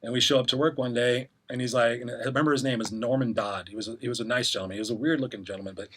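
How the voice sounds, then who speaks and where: A man's voice: medium pitch, fairly even intonation, racing, a bit bright, slight background noise. A middle-aged man, a podcast guest, candidly telling his story in casual interview talk and acting out the voices he quotes.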